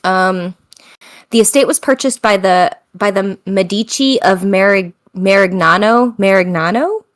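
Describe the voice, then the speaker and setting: Halting woman reading her podcast notes. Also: medium pitch. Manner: halting, full of ums, stumbles over foreign names and apologizes. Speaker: podcast co-host. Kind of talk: casual chat, reading out research notes.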